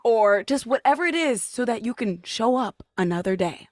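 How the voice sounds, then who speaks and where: A woman hosting a podcast interview, reacting with teasing disbelief and quick questions. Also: on the high side, lively intonation, a little mellow, no room sound, studio quality. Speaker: podcast host. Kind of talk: casual interview chat.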